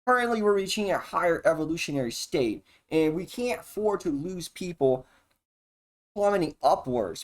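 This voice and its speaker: Streamer, solo stream, erratic profane rambler, pitch swings widely. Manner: erratic, profane and jumpy, with sudden laughs and exclamations.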